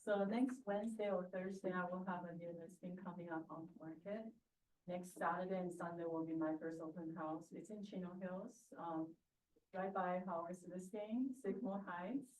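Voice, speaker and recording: A woman's voice: on the low side, steady tone, normal speed, darkish tone, recorded from a distance, slight background noise. A woman realtor speaking up in an office meeting, chatty and loose, with small hesitations. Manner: chatty, laughs between phrases. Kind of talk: casual meeting remarks. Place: large meeting room. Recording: echoey room, heard from afar.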